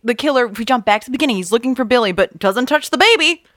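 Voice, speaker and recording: Woman, co-host, raised lively pitch, hesitant restarts, dry close sound. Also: very fast, no echo. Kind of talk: casual movie recap chat.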